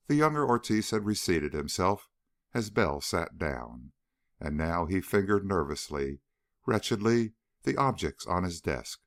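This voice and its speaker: Guy reading an audiobook, deep voice, lots of pitch movement, dry close sound. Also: sing-song, a little slow, a bit bright, no echo. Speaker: audiobook narrator. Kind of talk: scripted narration.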